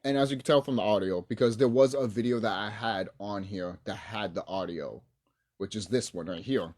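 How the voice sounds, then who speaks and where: A man's voice: on the low side, moderate pace, darkish tone. A man ranting angrily on his own video channel, cursing freely as he talks at home into his camera's mic. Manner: angry, profane ranting. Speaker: YouTuber. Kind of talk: casual ranting vlog.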